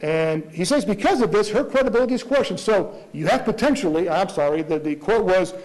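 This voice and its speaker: A prosecutor arguing a motion before a judge, earnest, with many rhetorical questions and restarts. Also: male voice, high voice, lively intonation, fairly quick, darkish tone, low-quality recording. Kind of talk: courtroom argument.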